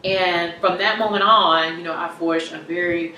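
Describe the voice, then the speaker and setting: A woman giving an emotional personal testimony in an interview, halting and tearful, her voice dropping very soft at times. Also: fairly low pitch, steady tone. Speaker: interview guest. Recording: roomy echo from far off, faint hum.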